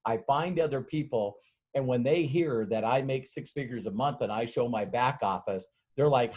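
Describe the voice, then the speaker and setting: A man's voice: mid-range voice, moderate pace, a little mellow. A middle-aged man giving a casual sales training talk, telling a rambling, folksy story and acting out the dialogue. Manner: rambling, folksy, laughs often, acts out dialogue.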